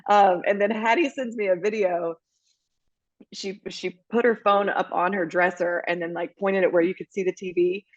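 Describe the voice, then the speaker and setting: A woman's voice: mid-range voice, fairly even intonation, moderate pace, dry recording, dull audio. A woman co-hosting a podcast, telling stories in an emotional, chatty way. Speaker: podcast co-host. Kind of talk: casual chat.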